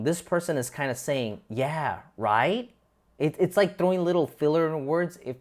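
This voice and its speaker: A man hosts a casual screen-recorded tutorial with a mid-range voice. He talks in quick, informal bursts and often restarts his phrases as he narrates what he is clicking. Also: medium pitch. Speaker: tutorial host. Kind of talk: casual software walkthrough.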